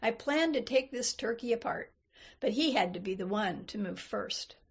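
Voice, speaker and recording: A woman reading a first-person story aloud in a measured, unhurried way. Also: medium pitch, expressive, slightly rough. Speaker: reader. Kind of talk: storybook narration.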